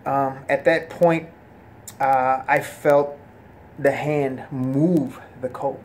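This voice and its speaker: A man of middle pitch gives a personal religious testimony, soft-spoken and earnest. He halts often, restarting phrases and filling pauses. A faint hum of background noise sits under his voice. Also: steady tone. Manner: halting, with many fillers and restarts.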